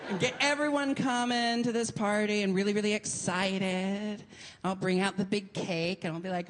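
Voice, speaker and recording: A woman from Portland, Oregon, performing a theatrical stand-up set with camp flair and sudden shouted rants. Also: medium pitch, fairly even intonation, normal speed. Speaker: stand-up comedian. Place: comedy venue with a laughing audience. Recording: live stage mic, audience noise.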